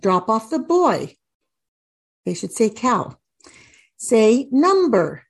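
A middle-aged woman walks parents through reading drills at a slow, careful pace. She models each example word deliberately, pausing so listeners can try it at home. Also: fairly high pitch, very animated, gravelly. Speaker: reading teacher. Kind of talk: instructional talk to parents.

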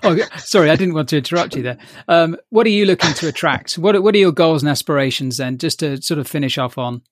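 A man's voice: a little high, animated, quick pace, dry recording, studio quality. A man hosting a podcast interview, upbeat and effusive in his thanks. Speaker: podcast host.

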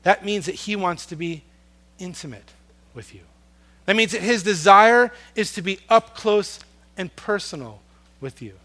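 A man preaching a sermon, earnest and storytelling, swinging from loud emphasis down to a hush on soft words. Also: sits high, expressive, a little slow. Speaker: pastor.

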